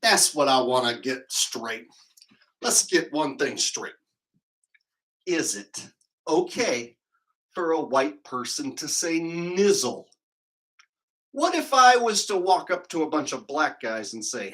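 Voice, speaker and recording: A man's voice: a little high, big pitch swings, slow pace, a bit bright, low-quality recording. A man hosting a livestream, hyping the chat with chanted crowd calls and rambling into comic rants. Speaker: livestream host.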